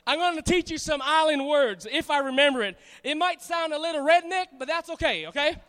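A man from Hawaii with a Pidgin and Southern-tinged accent, giving a loud, playful church youth talk with call-and-response. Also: very high voice, fairly quick. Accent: Hawaiian Pidgin mixed with Southern US. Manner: loud, playful, hyping up the crowd. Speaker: guest speaker at church youth service. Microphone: stage microphone on a cable. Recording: long reverb from a large hall.

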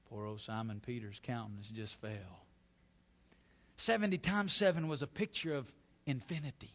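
A male pastor preaching a sermon, swinging from quiet, drawn-out phrases to loud, stressed words. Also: medium pitch. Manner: dramatic, swings from soft to loud emphasis.

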